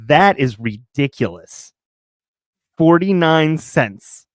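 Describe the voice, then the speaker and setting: A man's voice: on the high side, lively intonation, slow pace, dry recording, clean studio sound. A man hosting a live stream from his recliner at home, chatting casually and joking with his viewers. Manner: chatty, joking, rambling asides.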